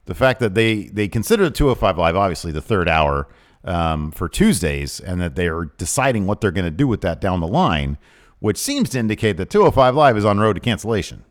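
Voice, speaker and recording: A man's voice: deep voice, sing-song, fairly quick. A man co-hosting a casual wrestling podcast, joking around with his co-host and reading listener questions. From American South. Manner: playful, jokey, shifts into mock-announcer delivery. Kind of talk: casual chat, reading previews aloud.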